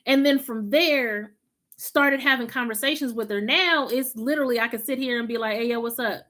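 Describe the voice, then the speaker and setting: Speaking at a moderate pace, this woman has a rather high voice that comes across pushed and bright. A Los Angeles native with a Southern country drawl, she chats informally with viewers on a spiritual live stream, using slang and laughing often.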